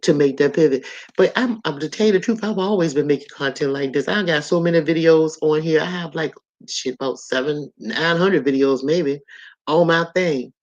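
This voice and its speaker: A woman's voice: low-pitched, a little mellow, muffled recording. A woman in her sixties hosting a casual live stream, chatting loosely with viewers and reading their comments out as she goes. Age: 60s.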